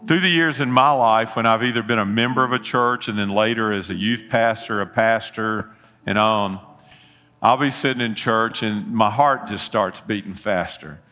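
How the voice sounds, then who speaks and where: Man, middle-aged pastor, folksy sermon storytelling, low voice, bright tone. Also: moderate pace, soft background music. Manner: folksy storytelling, earnest appeals.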